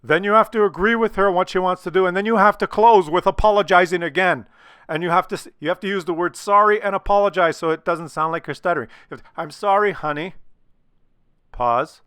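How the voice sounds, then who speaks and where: Middle-aged male vlogger, conspiratorial and stammering, swears freely; bright, pointed voice, dry close sound. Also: high-pitched, fast talker, clear, resonant tone, dry recording. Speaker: channel host. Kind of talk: conspiratorial casual advice to viewers.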